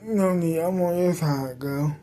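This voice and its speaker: A woman's voice: low voice, a little slow, mellow. A woman voicing a tough former boxer woman, who talks bluntly and brushes off worries. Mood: reassuring.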